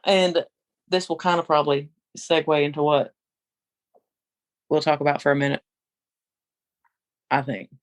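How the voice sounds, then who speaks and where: A middle-aged woman co-hosting a podcast, telling a story in an animated, opinionated casual chat. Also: deep voice, measured pace, long pauses, no room sound. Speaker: podcast co-host.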